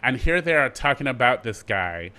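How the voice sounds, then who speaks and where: Here a middle-aged Jamaican man with a mid-range voice speaks as an actor guest in an interview. He recounts his story with energy, breaking off for quick asides and restarts.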